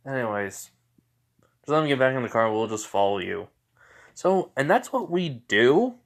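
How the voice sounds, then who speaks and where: A young man tells a made-up fan story in a loose, rambling way. He sounds tired, keeps circling back with "basically" and "like", and slips into quick bits of dialogue as he goes. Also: medium pitch, sing-song. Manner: rambling, repeats "basically" and "like", acts out quotes. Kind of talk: casual retelling of an imagined anime adventure.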